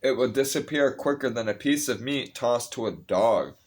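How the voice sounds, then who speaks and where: A man's voice: medium pitch, normal speed. A man casually reading scripture aloud, breaking off with blunt, profane asides and restarting his phrases. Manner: restless, interrupts himself and restarts phrases. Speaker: Bible reader.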